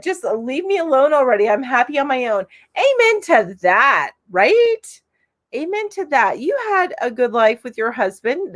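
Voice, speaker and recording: A chatty, upbeat woman in her forties from Florida, hosting a casual live stream where she reads viewer comments aloud and laughs often. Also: a little high. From Florida, USA.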